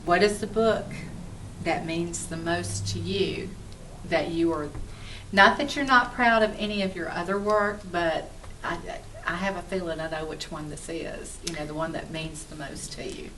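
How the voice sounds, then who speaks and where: A woman interviewer with a very low voice asks questions softly, searching for her words as she goes. She sounds far from the mic, and clear background noise sits under her voice. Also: moderate pace.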